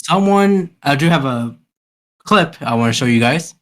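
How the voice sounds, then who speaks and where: A man hosting a podcast, chatting casually in an unhurried way with fillers. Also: a little high, expressive. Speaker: podcast host. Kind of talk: casual chat.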